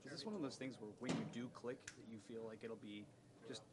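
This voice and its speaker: A male reporter asking quick, rambling questions at a press scrum. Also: mid-range voice. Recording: crowd noise behind.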